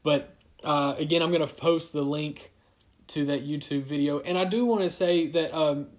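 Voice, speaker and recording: A man with a drawl talks loosely through a live-streamed devotional for his youth group. His voice sits a little on the high side, and he drifts from point to point and chases side thoughts. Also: normal speed. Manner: rambling, wanders off on tangents.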